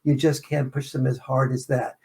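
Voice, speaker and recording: A man's voice: medium pitch, level tone, normal speed, creaky, a little mellow, natural voice. A man voicing a playful father who coaches his children with firm rules. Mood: coaching. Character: playful father setting rules for roughhousing kids.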